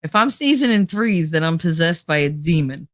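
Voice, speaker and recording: A woman's voice: low-pitched, expressive, normal speed, fairly bright tone, no room sound. A woman with a New Jersey accent chatting casually on a livestream, rambling and laughing often, a little nasal from a stuffy nose. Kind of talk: casual chat.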